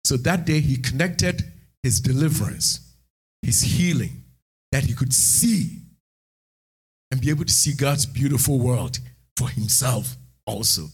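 A man preaching a sermon in church, animated, moving between hushed asides and shouted lines. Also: mid-range voice, a little slow, long pauses, husky. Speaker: pastor.

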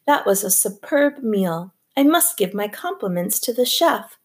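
A woman's voice: mid-range voice, big pitch swings, a little slow. A woman voicing a proud, fussy older secretary who walks with a crutch, with a prim, formal manner.

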